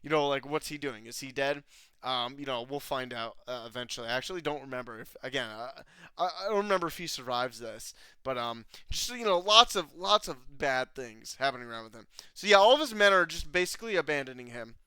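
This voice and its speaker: A man's voice: mid-range voice, expressive, fairly quick, sharp tone, clear, resonant tone, no room sound. A young man casually recapping an anime episode, rambling with lots of fillers, swearing and laughing. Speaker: anime reviewer.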